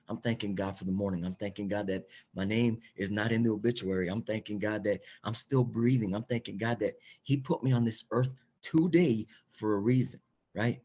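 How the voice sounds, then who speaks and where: A man giving an energetic, emphatic motivational talk as a guest, repeating phrases for effect. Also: on the low side, slightly rough. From Mexican heritage.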